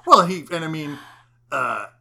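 A chatty podcast co-host walks through a movie plot scene by scene. The talk is loose and conversational, and the characters' lines are acted out in playful bits. The voice sits at a middle pitch. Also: expressive, a little slow, vocal fry, sharp tone. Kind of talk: casual movie recap chat.

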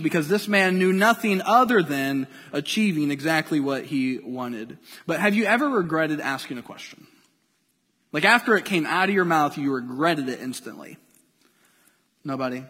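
A man's voice: fairly high pitch, expressive, normal speed, sharp tone, in a large hall. A man preaching a sermon in a conversational way, acting out the voices of people he quotes. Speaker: pastor.

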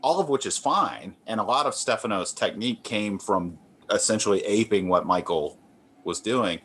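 A man, a comic artist guest, talking in a relaxed, rambling, self-deprecating way with many fillers and restarts. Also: fairly low pitch, normal speed, slight background noise. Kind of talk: relaxed conversational interview.

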